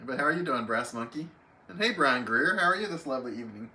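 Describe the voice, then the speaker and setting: A man streaming from home on his own chats casually and warmly, calling out viewers' names one by one as he reads the chat aloud. His mid-range voice has lively intonation and a sharp tone, and he moves at a quick pace.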